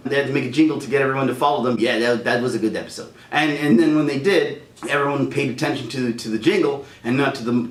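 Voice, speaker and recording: A man's voice: medium pitch, echoey room. A man hosting a casual ranting chat, heated and rambling, stumbling over restarts. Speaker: YouTube channel host.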